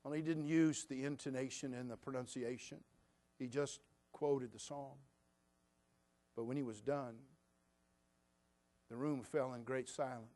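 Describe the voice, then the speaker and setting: A man's voice: medium pitch, fairly even intonation, measured pace, pauses often, mellow. A man preaching a sermon to his church, telling a story in a conversational way. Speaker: pastor. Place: church sanctuary.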